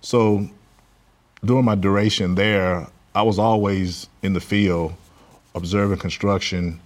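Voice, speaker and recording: A man from Louisiana, a construction business owner, answering interview questions with many hesitant pauses. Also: sits low, fairly even intonation. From Louisiana, USA. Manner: halting, many filler pauses.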